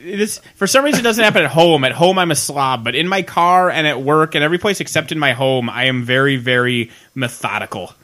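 A man's voice: a little high, brisk, hardly any pauses, sharp tone. A man co-hosting a podcast, chatting in casual group banter, jokey and rambling. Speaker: podcast co-host.

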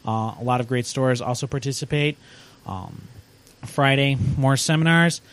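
A man guesting on a casual podcast as a sales rep, speaking in a relaxed, halting way with frequent pauses. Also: mid-range voice. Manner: relaxed, hesitant with many uh fillers.

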